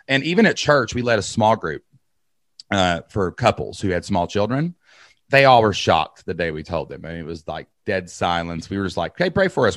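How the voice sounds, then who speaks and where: A man, telling energetic stories in an interview and acting out quotes. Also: on the low side, dry recording, clean studio sound. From Kentucky. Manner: energetic, repeats words, acts out quotes. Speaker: podcast host and guest. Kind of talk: animated storytelling interview.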